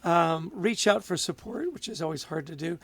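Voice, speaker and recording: A man's voice: fairly high pitch, animated, normal speed, fairly bright tone. A man co-hosting a podcast in casual chat, upbeat and friendly, laughing easily as he bounces ideas off his co-host.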